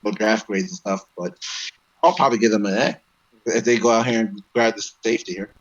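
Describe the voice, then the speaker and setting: A man with a fairly low voice co-hosts a live sports stream, sounding relaxed as he chimes in with short replies. His audio is dull and lo-fi, as if it comes through a cheap mic. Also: fairly quick. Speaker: co-host of a sports show. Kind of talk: casual live-stream chat.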